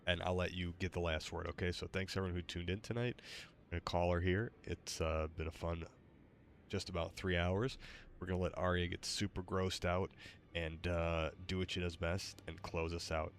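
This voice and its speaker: Deep, sleepy male streamer, rambling and hesitant, faint noise behind. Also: level tone, normal speed. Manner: rambling, hesitant, many fillers. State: tired, yawning. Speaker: gaming streamer host. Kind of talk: casual gaming stream chat.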